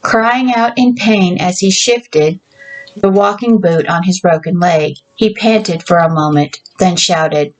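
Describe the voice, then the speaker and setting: A woman's voice: fairly low pitch, measured pace, poor audio. A woman author reading her own fiction aloud, with casual asides between passages.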